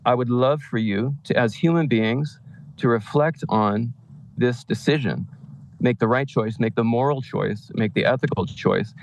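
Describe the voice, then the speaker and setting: A man speaking up during public comment at a county meeting, his pitch sitting in the middle of the range. He presses his point with fervor, stumbling over repeated words before driving ahead. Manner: impassioned, repetitive, halting restarts.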